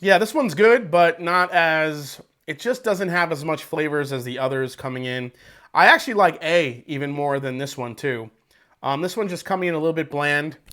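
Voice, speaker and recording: A man with a slightly high voice chats loosely through a casual livestream from home. He rambles as he thinks aloud and curses freely. His wireless mic sits close and picks up every aside. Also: normal speed, pushed and bright. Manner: loose, chatty, rambling, swears and laughs easily. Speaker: whiskey reviewer hosting a livestream. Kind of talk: casual livestream tasting chat. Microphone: wireless microphone with battery pack.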